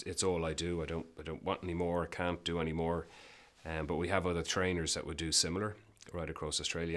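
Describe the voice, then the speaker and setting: His voice rumbles low as this business guest shares anecdotes in a casual interview. He tells them emphatically and with animation, restarting his sentences frequently.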